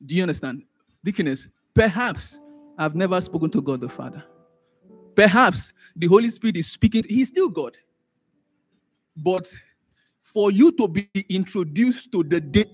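A man with a high, husky voice teaching a church Bible class. He restarts phrases and keeps repeating words, then surges up loud and high when a point lands. Faint music sits under his voice. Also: no room sound. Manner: animated, rises sharply in pitch and volume for emphasis, trails off in asides. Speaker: Sunday school teacher.

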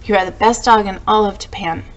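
A woman voicing a caring, soft-spoken teenage boy in a storybook read-aloud. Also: mid-range voice, steady tone, brisk, lightly acted, rough recording. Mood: tender.

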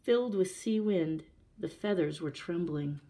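A woman telling a storybook tale aloud for a library, calm and measured. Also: on the low side, a little hiss or hum, rough recording.

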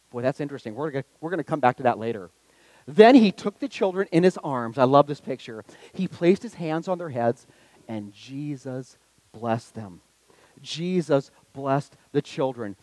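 A male pastor with a high voice preaches with big energy, one moment rousing the room and the next dropping to a hushed, tender appeal. The sound is close and dry, with almost no room echo. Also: moderate pace. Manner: energetic, swings from loud exhortation to hushed intimacy. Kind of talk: sermon. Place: church sanctuary.

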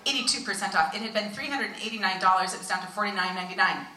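A woman, a visiting pastor, telling a story in a sermon with animated delivery that drops to hushed tones for emphasis. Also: medium pitch, very fast. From United States. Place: church hall. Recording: echoey church hall, voice from far off.

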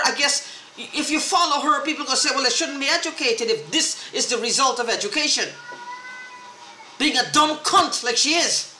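High bright ranting woman, echoey room. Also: slight background noise. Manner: angry, profane, repetitive ranting. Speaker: vlogger. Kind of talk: agitated monologue to camera.

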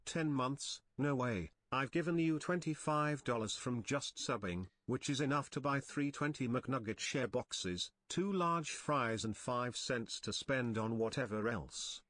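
A male text-to-speech voice reads out viewers' chat messages. The delivery is flat and even, in a synthetic way. Its pitch sits in the middle range for a man. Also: a little slow, few pauses, dry recording.

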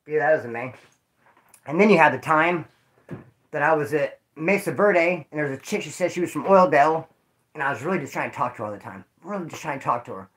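A man's voice: fairly high pitch, fairly bright tone. A man casually telling stories to his viewers, rambling, jokey and full of swearing. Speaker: vlogger telling prison stories.

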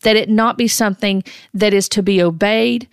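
A woman giving earnest, measured Christian commentary, often restarting her sentences as she goes. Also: medium pitch, fairly even intonation, smooth, dry recording, studio quality.

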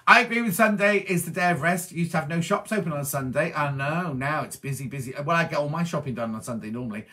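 A middle-aged man from Wiltshire in England, chatting as a presenter as he reads out viewer messages and answers each one with quick asides. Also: fairly high pitch, bright, forceful tone. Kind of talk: casual chat reading viewer comments.

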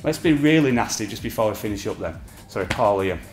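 A man's voice: on the low side, animated, fast talker, roomy sound, faint music behind. A man teaching a martial arts technique on a partner, explaining each step and checking in with frequent "okay?"s. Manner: explanatory, keeps checking with "okay?" and "all right?".

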